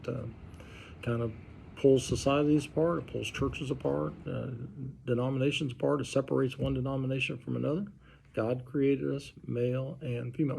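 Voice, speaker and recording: A pastor leading an informal Bible study, talking conversationally and quizzing the group with questions. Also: male voice, medium pitch, vocal fry, mellow, slight background noise. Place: church study group room.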